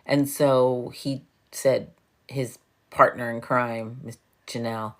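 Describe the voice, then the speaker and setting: Very low, gravelly woman in her fifties. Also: steady tone, takes it slowly. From New York. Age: 50s. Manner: laughing, chatty, swears freely. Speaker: livestream host. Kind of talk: casual chat with viewers.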